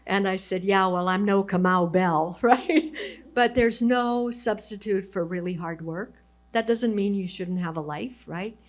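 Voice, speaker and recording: A woman's voice: medium pitch, steady tone, unhurried. A woman in her seventies, originally from Texas, speaks as an alumna guest at a fireside chat. She tells stories and gives students earnest, encouraging advice. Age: 70s.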